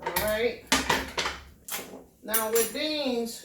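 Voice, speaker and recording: A woman's voice: mid-range voice, slow pace, distant mic, background noise. A woman giving a casual home cooking demonstration, walking through each step in a homey way and often checking in with "okay?". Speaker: home cook. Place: home kitchen. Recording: echoey kitchen, voice from away from the mic.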